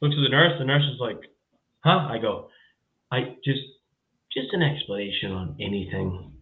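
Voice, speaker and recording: Animated, profane man on a tinny line. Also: mid-range voice, moderate pace, echoey room. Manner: profane, animated storyteller who acts out quotes. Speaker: podcast host. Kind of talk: casual chat, storytelling.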